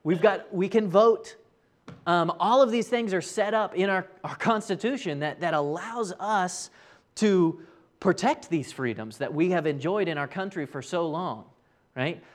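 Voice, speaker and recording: A man's voice: high-pitched, measured pace. A man preaching a conversational sermon, telling the story earnestly and often checking in with his listeners by asking "right?". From United States. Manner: tags many sentences with "right?".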